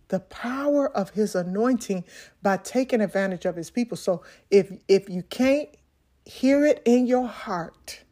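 A woman's voice: medium pitch, dark tone. Earnest woman minister, laughing often. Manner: earnest, laughing often, repeating words when emphatic. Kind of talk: personal testimony talk.

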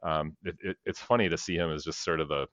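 A man's voice: very deep voice, steady tone, quick pace, fairly bright tone, no echo. A man co-hosting a casual movie podcast, rambling, swearing and laughing often. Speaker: podcast co-host.

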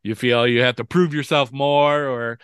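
A man's voice: mid-range voice, fairly even intonation, moderate pace, fairly bright tone, clear, resonant tone, no echo, clean studio sound. A man interviewing a guest in casual chat, laid-back, laughing often and talking with many fillers.

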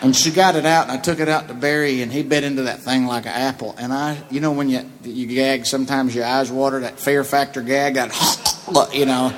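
A man who is a comedian guest, telling a long anecdote in a profane, laughing, animated way. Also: mid-range voice, brisk, a little hiss or hum. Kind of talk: storytelling anecdote.

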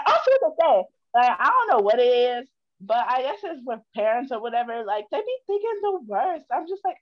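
A teenage girl on a family podcast, chatting casually and acting out her father's shouting. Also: high-pitched, very animated, fairly quick, muffled recording. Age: teens. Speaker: daughter guest. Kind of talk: casual chat.

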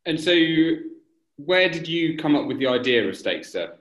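A man's voice: mid-range voice, big pitch swings, moderate pace, fairly bright tone, roomy sound. A man hosting a conversation, asking his guest short questions. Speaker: podcast host.

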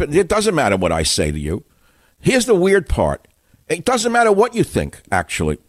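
A man's voice: fairly high pitch, huge pitch swings, moderate pace, no room sound, studio quality. An older man hosting a radio talk show, delivering a combative, sarcastic, rambling monologue full of insults. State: winded.

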